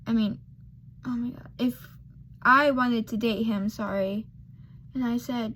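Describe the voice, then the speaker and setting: A woman's voice: on the high side, slow pace, pauses often, slight background noise. An eighteen-year-old woman telling a personal story in a casual, rambling way, full of fillers and self-deprecating remarks, with murmured asides. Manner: murmured asides while doing makeup.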